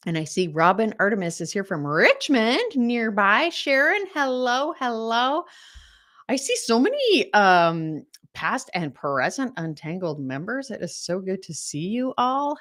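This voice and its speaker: A woman's voice: mid-range voice, a bit bright. Gushing, chatty middle-aged woman host, casual livestream from home. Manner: bubbly, gushing, greets viewers by name. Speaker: livestream host and decluttering coach. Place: home, recording on Vancouver Island. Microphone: camera live stream.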